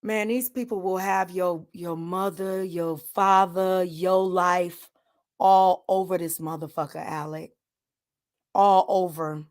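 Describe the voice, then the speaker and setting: An older woman hosting a livestream, talking in an emphatic casual rant that swings from loud to hushed, with sighs. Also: lowish voice, fairly even intonation, slow. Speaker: livestream host.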